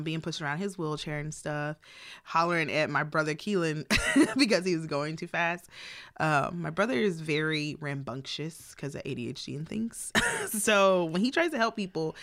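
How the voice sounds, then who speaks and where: A woman's voice: deep voice, fairly bright tone. A woman guest on a casual chat, telling family stories with frequent laughter. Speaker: podcast guest.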